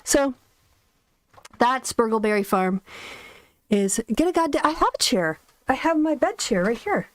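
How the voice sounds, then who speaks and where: A woman's voice: fairly high pitch, very animated, measured pace, long pauses. A woman hosting a casual livestream from her bedroom, chatting in a rambling way and laughing often. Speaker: host. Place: bedroom, sitting on bed. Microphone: soundproofed desk mic.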